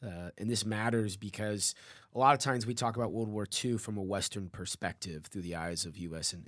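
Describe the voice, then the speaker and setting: A man's voice: fairly low pitch, no echo, studio quality. A man co-hosting a history lesson podcast, explaining events thoughtfully and stepping back to frame the bigger picture. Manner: thoughtful, framing the big picture. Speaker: history teacher co-host.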